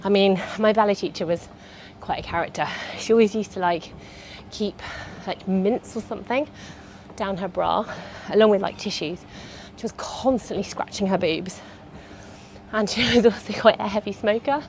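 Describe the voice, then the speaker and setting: Woman, fitness instructor, chatty, encouraging, medium pitch, faint background noise. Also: normal speed, darkish tone. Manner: chatty and encouraging, cueing movements. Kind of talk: guided workout instruction.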